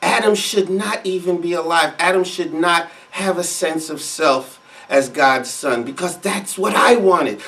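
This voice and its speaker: A man's voice: high voice, a bit bright, recorded from a distance. A man co-hosting a reaction show, commenting casually in a heated, emphatic way with frequent repetition.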